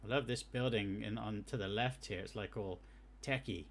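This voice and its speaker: A man's voice: on the low side, moderate pace, slight background noise. A man streaming live gameplay, thinking aloud in a chatty way and adding technical asides about game effects.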